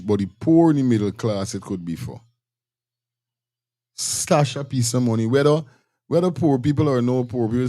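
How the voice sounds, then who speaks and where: A Guyanese man hosts an informal commentary and gives blunt opinions. He restarts his phrases often, and his voice is warm and dark at a middle pitch. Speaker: host. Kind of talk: casual commentary.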